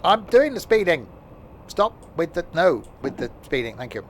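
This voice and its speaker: A man streams a train game and chats loosely as he plays, with a slightly high speaking voice. He rambles, makes jokes, and often loses his thread mid-sentence. A faint hiss sits under the voice. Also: big pitch swings, normal speed. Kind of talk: casual gameplay commentary.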